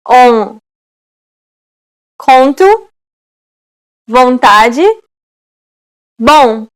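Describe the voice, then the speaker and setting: A woman speaks single sounds and words very slowly in a high, clear voice. The recording is dry, with no room sound, and she draws out each syllable with care. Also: expressive, no echo. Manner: careful, drawn-out enunciation. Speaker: native speaker modeling sounds. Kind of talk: slow pronunciation examples.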